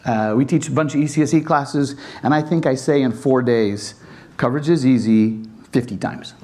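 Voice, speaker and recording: A man giving a conference presentation as a Wi-Fi design instructor, animated and acting out exchanges with customers. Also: medium pitch, normal speed. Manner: animated, acts out dialogues with customers.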